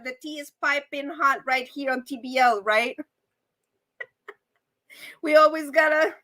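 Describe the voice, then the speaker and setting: A woman hosting a casual live stream, chatting warmly and animatedly with viewers and calling them y'all. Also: sits high, measured pace, pauses often.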